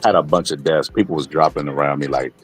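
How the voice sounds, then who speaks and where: A man with a very low voice talks as a guest in a casual livestream chat. He is earnest and advice-giving and tells stories from his own work, with faint music behind him. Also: fairly even intonation, quick pace. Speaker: guest commentator.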